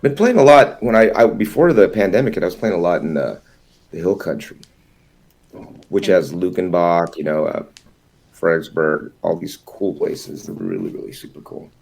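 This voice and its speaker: A man who plays music, tired and yawning, talking in a relaxed, halting way in a casual interview. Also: low voice, creaky, slightly rough. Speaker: guest musician.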